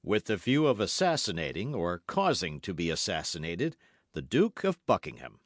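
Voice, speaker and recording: A man voicing a cool, unflappable aristocratic male musketeer who speaks in a calm, stately, ironic way. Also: low-pitched, moderate pace, no room sound, studio quality, pitched below the performer's own voice.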